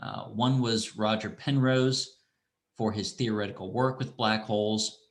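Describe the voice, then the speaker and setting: Guy teaching astro online over a computer mic, lowish voice, loose and chatty, lots of restarts. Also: unhurried. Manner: relaxed, rambling, with restarts and asides. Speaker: university astronomy instructor. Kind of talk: online lecture with screen demo.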